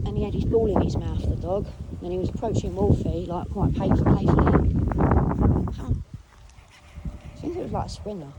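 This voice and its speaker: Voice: medium pitch, dull audio. Chatty English-accented dog walker outdoors. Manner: chatty, rambling, talks to the dog between stories. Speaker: dog owner vlogger. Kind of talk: casual vlog storytelling. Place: outdoors on a rural walk. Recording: noisy outdoor recording with wind and traffic.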